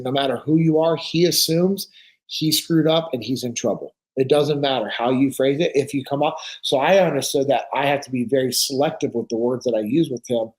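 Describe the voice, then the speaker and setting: A man's voice: mid-range voice, rough recording. A man in his forties, a podcast guest, telling stories in casual conversation and acting out the dialogue. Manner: storytelling, acting out quoted dialogue.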